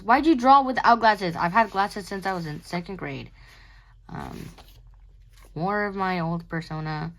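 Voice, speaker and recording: A woman's voice: on the low side, a bit bright. A young adult woman talks casually about her sketchbook, rambling and giggly, sleepy and yawning. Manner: rambling, giggly, self-mocking. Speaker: artist showing her sketchbook. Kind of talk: casual chat.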